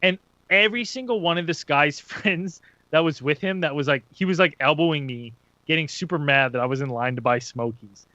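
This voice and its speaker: A man telling a story in a lively, profane way, laughing as he talks, on dull lo-fi audio. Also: a little high, a little fast, few pauses, no echo. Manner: animated, profane, laughs while talking. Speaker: podcast co-host. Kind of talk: casual storytelling.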